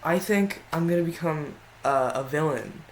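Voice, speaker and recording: A man's voice: a little high, normal speed, a little hiss or hum, lightly acted. A man doing a sulky girl turning villain.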